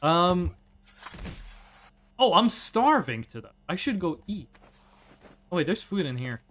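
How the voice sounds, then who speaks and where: Young male streamer, high and animated, casual profane storyteller. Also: takes it slowly. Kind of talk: casual chat while gaming.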